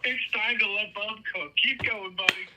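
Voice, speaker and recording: A man's voice: sits high, moderate pace, heavy background noise. A man co-hosting a casual podcast over the phone, joking and encouraging. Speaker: podcast co-host. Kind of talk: casual chat.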